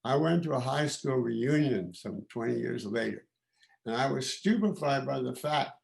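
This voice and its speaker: Very gravelly-voiced man in his eighties. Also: fairly high pitch, darkish tone. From Canada. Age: 80s. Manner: halting, with many pauses and restarts; reflective and candid. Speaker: guest of honour giving remarks. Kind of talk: informal spoken remarks.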